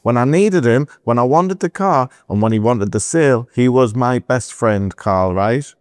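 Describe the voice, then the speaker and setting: A middle-aged man from England, telling animated stories as a guest in a podcast interview, with asides to the host. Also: mid-range voice, normal speed, no echo, studio quality. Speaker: entrepreneur guest.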